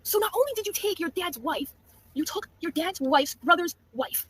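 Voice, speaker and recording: A woman's voice: very high-pitched, lively intonation, normal speed, a bit bright, dry recording. A woman making mocking accusations in a piece of online commentary.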